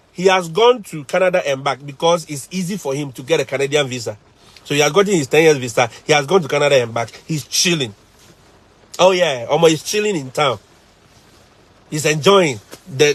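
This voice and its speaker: A man, a teacher and vlogger, chatting casually on a live stream, telling stories animatedly, laughing often and repeating phrases. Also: a little high.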